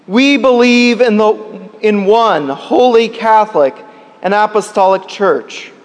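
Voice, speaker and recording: High-voiced pastor in a reverberant church. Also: male voice. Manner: tells a joke with quoted voices, measured delivery. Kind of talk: sermon.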